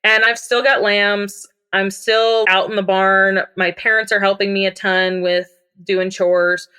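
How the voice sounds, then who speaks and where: A woman recovering from memory loss and daily headaches casually shares her personal story as a guest, raising her voice to act out quoted lines. Her voice is medium-pitched, smooth and sharp-toned, a little slow, with little pitch movement.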